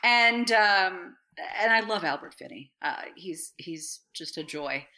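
Bright-voiced woman rambling enthusiastically. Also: fairly low pitch, animated, slow. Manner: rambling, enthusiastic, swears freely, laughs often. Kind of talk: casual chat.

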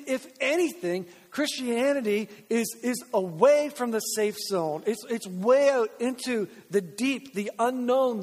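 High-voiced pastor preaching with energy. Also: male voice. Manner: energetic, repetitive, exhorting the congregation. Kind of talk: sermon. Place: large church sanctuary. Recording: long reverb of a church hall.

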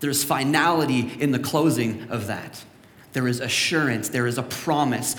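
A man's voice: mid-range voice, normal speed, fairly bright tone. A young man from Canada preaching a sermon as pastor, telling stories and acting out the voices of the people in them. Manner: storytelling, acts out quoted voices. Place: church sanctuary. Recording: echoey church hall with long reverb.

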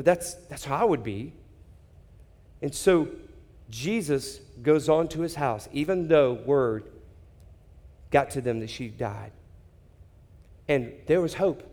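A man preaching a sermon, dramatic, acting out people's reactions and dropping to hushed emphasis. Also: fairly high pitch, long reverb tail. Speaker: pastor.

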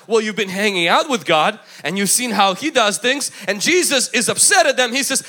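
Male pastor preaching: high, animated and bright, emphatic, acts out quoted voices. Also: moderate pace, hardly any pauses. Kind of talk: sermon.

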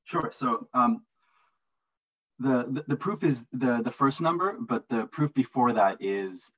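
A man's voice: mid-range voice, expressive, measured pace, fairly bright tone, slightly rough, dull audio. A man answering interview questions in casual, enthusiastic talk, often repeating words as he gets going. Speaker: interview guest, marketing analyst.

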